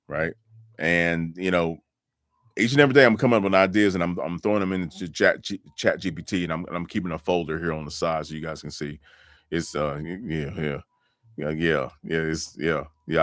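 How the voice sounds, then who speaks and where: Male live-stream host, low voice, loose and repetitive delivery with fillers, dry sound. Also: no echo. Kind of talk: casual live-stream talk. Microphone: home microphone.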